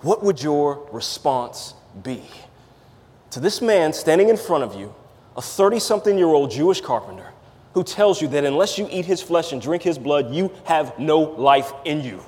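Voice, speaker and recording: Emphatic preacher in a reverberant hall. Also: male voice, on the high side, lively intonation, normal speed. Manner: emphatic, rhetorical questions, swings from loud to hushed. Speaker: pastor. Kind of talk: sermon.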